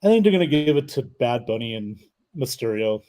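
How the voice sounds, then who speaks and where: A man's voice: medium pitch, big pitch swings, a little fast, darkish tone. A man hosting a casual wrestling chat, rambling and hesitant, often trailing off mid-thought. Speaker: podcast host.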